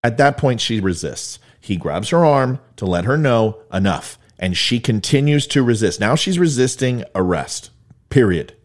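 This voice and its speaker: A man's voice: mid-range voice, expressive, moderate pace. A man giving blunt, emphatic video commentary, explaining events step by step. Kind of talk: video commentary on police footage.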